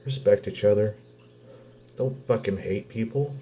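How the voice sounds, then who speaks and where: A man's voice: fairly low pitch, mellow, slight background noise. A man, a father venting in a personal vlog, blunt and swearing, close to tears. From Oklahoma. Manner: blunt, heavy swearing, halting pauses. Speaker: vlogger, father.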